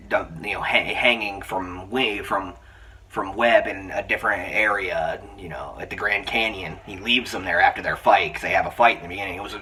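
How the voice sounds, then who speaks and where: Excited, rambling man reviewing a film. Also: low voice, slightly rough. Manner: excited, rambling retelling with many restarts. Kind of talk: casual spoken film review. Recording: slightly distant mic, faint room hiss.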